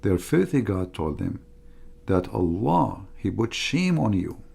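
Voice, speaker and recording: A man's voice: lowish voice, sing-song, slow, gravelly, darkish tone, slightly rough. A middle-aged man giving an emphatic, repetitive livestream monologue as a religious debater, in non-native grammar.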